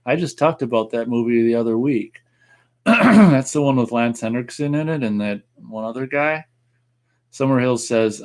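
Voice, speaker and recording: A man co-hosting a casual show, chatting and reading viewer comments aloud in a relaxed way. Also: medium pitch, normal speed. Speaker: radio show co-host reading chat comments. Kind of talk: casual chat.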